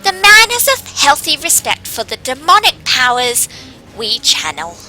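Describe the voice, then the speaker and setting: A woman's voice: high-pitched, big pitch swings, slow, sharp tone, faint music behind, heavily acted, low-quality recording. A woman voicing a male gnome warlock trainer in a game, putting on an accent she herself calls terrible. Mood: wry.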